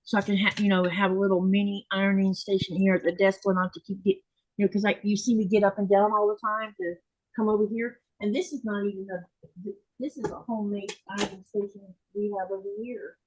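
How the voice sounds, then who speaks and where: A woman's voice: mid-range voice, level tone, fast, slight background noise, low-quality recording. A woman hosting a casual chat from her home sewing desk, talking in a rambling way with restarts and laughs. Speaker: host.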